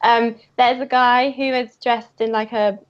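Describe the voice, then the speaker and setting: A woman's voice: on the high side, unhurried. A woman, a guest comic creator, telling casual anecdotes with frequent giggles. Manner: giggly, lively storyteller. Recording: muffled lo-fi audio.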